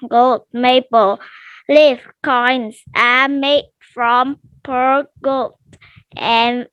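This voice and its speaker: A high-voiced woman student with Vietnamese as her first language reads aloud for an online speaking test. She goes very slowly and carefully through the text, and her headset voice comes through dry and close. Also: steady tone, a bit bright, clean tone, no echo, muffled recording. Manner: shy, terse answers, careful halting reading. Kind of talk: reading a passage aloud for a test. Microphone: headset on a video call.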